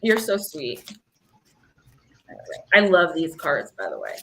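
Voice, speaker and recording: A woman's voice: sits low, huge pitch swings, slow pace, creaky, bright, forceful tone, slight background noise. A woman in her thirties giving chatty, rambling card readings on a live stream in an echoey room. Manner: chatty and rambling, fillers, emotional. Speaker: intuitive card reader.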